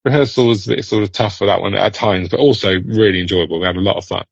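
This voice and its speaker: A man from Britain, a guest actor chatting in an interview, telling animated stories with frequent laughs and restarts. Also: lowish voice, fast, vocal fry, no room sound, dull audio. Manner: animated storyteller, laughs often, many restarts. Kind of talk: casual interview chat.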